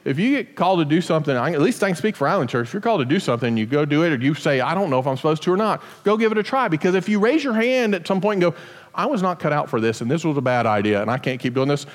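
Guy preaching in a church, chatty and jokey, pitch jumps around a lot, echoing hall. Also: lively intonation, rapid-fire. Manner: casual, joking asides while teaching scripture. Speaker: pastor. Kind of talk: conversational sermon. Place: church sanctuary. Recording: long hall reverb.

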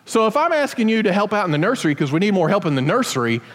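A man's voice: sits high, big pitch swings, racing. A man giving a casual sermon as pastor, explaining scripture with joking asides in a church sanctuary. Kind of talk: conversational sermon. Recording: long hall reverb.

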